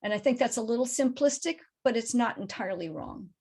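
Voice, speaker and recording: Her voice slightly high, expressive, fairly quick, a bit mellow and husky, a middle-aged crow researcher responds to audience questions over video call after her guest talk. She gives thoughtful explanations while taking care not to oversimplify.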